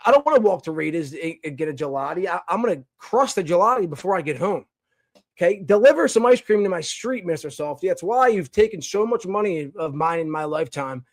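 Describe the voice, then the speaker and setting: Rambling young man, fairly high voice. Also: brisk, no echo. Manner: rambling, animated, with many restarts and fillers. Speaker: podcast host. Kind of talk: casual opinion segment.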